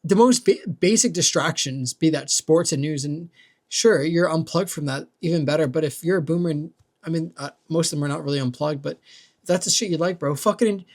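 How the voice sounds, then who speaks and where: On the high side and brisk, a young man's voice carries a casual, rambling vlog rant about his neighbors, full of swearing and with "like" and "dude" in every sentence.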